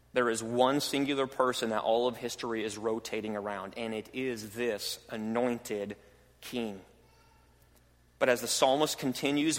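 A man's voice: mid-range voice, a bit bright. A man preaching a sermon as a pastor, moving from emphatic declarations to casual, conversational asides. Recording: long hall reverb.

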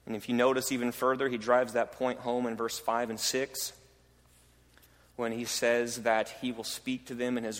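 A man's voice: medium pitch, fairly bright tone. A man preaching a sermon as a pastor, moving from emphatic declarations to casual, conversational asides. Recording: long hall reverb.

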